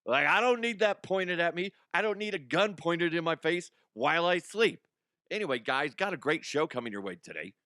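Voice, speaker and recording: A man's voice: fairly high pitch, animated, moderate pace, sharp tone, dry recording. A middle-aged man hosting a comedic news podcast from a studio, telling a rambling personal story and laughing at his own jokes. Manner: rambling, self-amused storytelling with frequent laughs. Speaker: podcast host.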